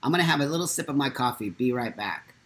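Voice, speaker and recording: Male host, casual live chat, candid and blunt, animated storyteller. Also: medium pitch, fast.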